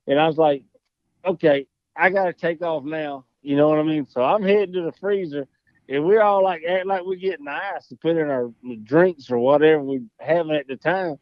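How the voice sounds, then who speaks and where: A man with a Southern accent tells a loud, swearing story between laughs. His voice sits a little high. The sound is dry and somewhat dull, like close podcast audio. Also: moderate pace, dry recording. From Florida. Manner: profane, laughing, drawling yarn-spinner. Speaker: podcast guest, golfer. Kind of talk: casual storytelling.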